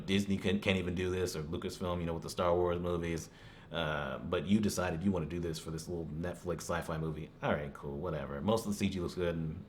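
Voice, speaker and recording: A man rambles through a casual movie review in a very low voice, sprinkling in "you know" and small chuckles. There's a faint hiss running underneath.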